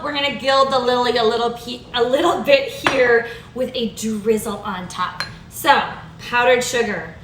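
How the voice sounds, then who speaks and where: Woman, cooking show host, chatty, bubbly, high voice, roomy echo, faint background noise. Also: bright, forceful tone. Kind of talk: live cooking demonstration.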